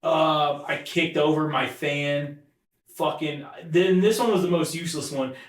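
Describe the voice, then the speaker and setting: A man's voice: fairly high pitch, fairly even intonation, a little slow. A young man co-hosting a casual podcast, telling rambling, profanity-laced stories. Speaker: podcast co-host. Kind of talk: casual chat. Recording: echoey room.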